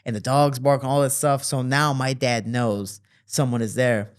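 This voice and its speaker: A man telling stories from his childhood as a guest in an interview, with lively quoting and relaxed fillers. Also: normal speed, smooth. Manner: animated, jumps higher to quote people; fillers and restarts, relaxed flow. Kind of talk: casual storytelling.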